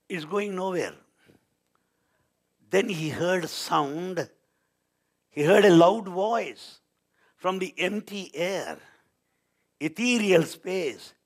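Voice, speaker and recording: A man telling devotional stories as a spiritual speaker, swinging between loud declarations and quiet asides. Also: high-pitched. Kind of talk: devotional storytelling talk.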